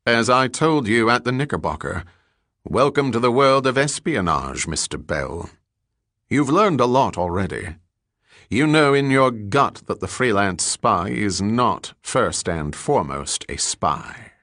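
A man voicing a suave, superior English spy who speaks in a clipped, measured way. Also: mid-range voice, very animated, a bit bright, no echo, clean studio sound. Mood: lofty.

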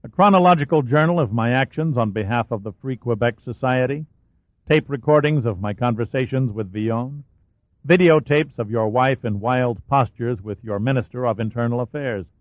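A man's voice: medium pitch, no echo, lightly acted. A man reading an audiobook, voicing a cold, contemptuous male hired killer. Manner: contemptuous and sneering. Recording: dry, phone-like narrow sound.

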